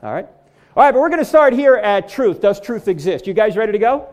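A man's voice: sits high, lively intonation, brisk, darkish tone. A middle-aged man giving a humorous lecture on apologetics to a live audience, delivering jokes and punchlines. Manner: joking, punchline-driven delivery. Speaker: Christian apologetics speaker.

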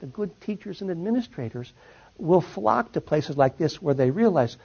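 Husky man lecturing, voice sinks at the end of sentences, dull lo-fi recording. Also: fairly high pitch, expressive, fairly quick, a little mellow. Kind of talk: lecture with audience questions.

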